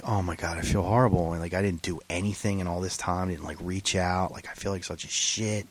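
A man's voice: deep voice, steady tone, brisk, hardly any pauses. A man co-hosting a podcast, talking bluntly and teasing his friend, with plenty of swearing. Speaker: podcast co-host. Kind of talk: casual banter.

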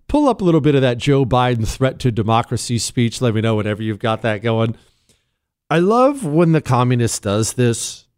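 A man's voice: mid-range voice, clear, resonant tone, dry recording, clean studio sound. A man hosting a political talk radio show, sarcastic and emphatic, often repeating words for effect. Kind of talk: combative political commentary.

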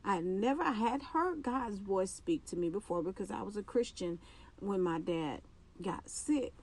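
A woman shares a personal faith testimony on her own podcast. She talks slowly and earnestly, pausing, restarting sentences and repeating phrases. Her pitch sits in a middle range. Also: animated. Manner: earnest, halting, with restarts and repetitions. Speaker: podcast host.

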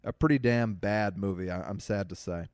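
Man telling stories, smooth dry voice. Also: on the low side, brisk, a little mellow, no echo. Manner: profane, storytelling, addresses listeners as folks. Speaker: podcast co-host. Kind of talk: casual chat.

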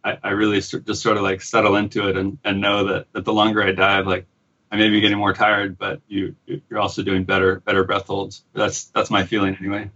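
American guy, lowish bright voice, lots of ums and restarts, dull lo-fi sound. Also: completely flat delivery, husky. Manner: halting, many restarts and fillers. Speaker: guest, pearl diver and surf photographer. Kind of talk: casual interview. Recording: dull lo-fi audio.

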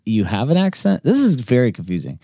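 A man's voice: medium pitch, fairly quick, dry recording, clean studio sound. A man in his thirties co-hosting a podcast, teasing and telling stories in a casual, joking way. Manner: joking, teasing, animated storytelling. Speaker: podcast co-host. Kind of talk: casual chat.

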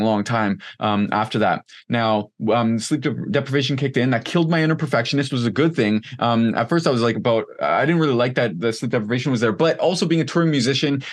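Candid, rambling man in his thirties. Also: medium pitch. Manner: candid, rambling, heavy use of "like", occasional swearing. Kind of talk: casual conversation.

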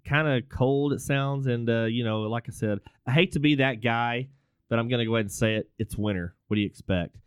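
A man's voice: mid-range voice, fairly quick, smooth, dry recording, studio quality. A man hosting a casual podcast, joking and self-deprecating, often stumbling over his words. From Texas, United States. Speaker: podcast host.

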